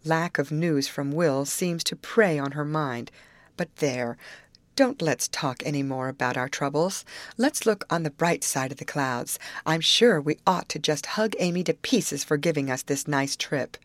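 A woman reading an audiobook, voicing a kind teenage girl who speaks in a gentle, consoling way. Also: low-pitched, a little slow, no room sound.

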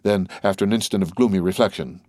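A man with a lowish voice reads a classic novel aloud in a steady, deliberate manner. The recording is close and dry, with no room sound at all. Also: dry recording. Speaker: audiobook narrator. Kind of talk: scripted narration.

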